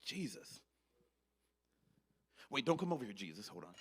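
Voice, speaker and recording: A man's voice: lowish voice, very animated, normal speed, breathy edge. A man preaching a short sermon in a conversational, earnest manner, peppered with "you know". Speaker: speaker, preacher.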